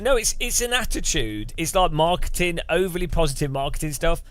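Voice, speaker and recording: A man's voice: fairly high pitch, animated, brisk, fairly bright tone, soft background music. A man chatting casually on a live stream, rambling and musing with frequent restarts.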